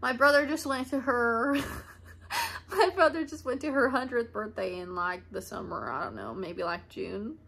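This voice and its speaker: Bright-voiced female vlogger in her twenties, casual storytime, rambling, laugh-prone. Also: fairly high pitch, lively intonation, moderate pace, creaky, slightly rough. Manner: chatty, rambling, laughs often. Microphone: camera mic.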